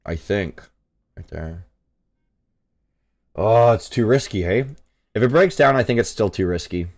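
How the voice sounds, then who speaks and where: A young man from Canada hosts a casual live trading stream in a fairly low voice. He talks loosely to his viewers, reads their chat out, and swears freely when the market moves. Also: a little slow. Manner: profane, excitable, reads chat aloud. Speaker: livestream trading host.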